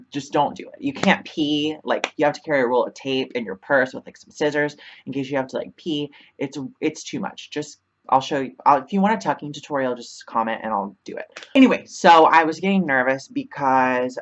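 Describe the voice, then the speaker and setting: A woman's voice: very deep voice, highs cut off. A young woman vlogger telling a casual storytime, chatty, filling her talk with 'like' and laughing often.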